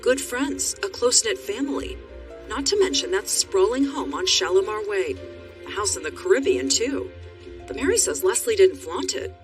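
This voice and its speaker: A TV correspondent giving scripted documentary narration in a measured, even way and asking interview questions. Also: mid-range voice, far from the mic, faint music behind.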